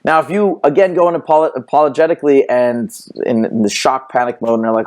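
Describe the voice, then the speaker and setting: A man hosting a dating podcast, talking in an energetic, emphatic way and punctuating his points with sharp interjections. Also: medium pitch, quick pace, few pauses. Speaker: podcast host. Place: Los Angeles studio.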